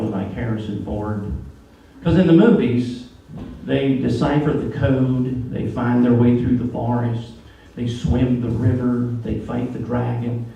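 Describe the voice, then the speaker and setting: A man's voice: mid-range voice, creaky, warm tone, highs cut off. Man doing stand-up, echoey and distant. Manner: conversational, with asides to the audience. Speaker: stand-up comedian. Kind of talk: stand-up comedy routine. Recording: echoey, distant, noisy room recording.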